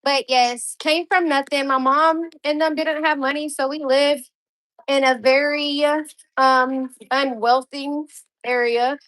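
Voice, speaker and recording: Young mom, blunt and chatty with her viewers; high voice, close and dry sound. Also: fairly even intonation, slow, a bit bright, dry recording. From Louisville, Kentucky. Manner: blunt, talkative, speaks straight to viewers. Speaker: content creator and mother. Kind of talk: casual live chat with viewers.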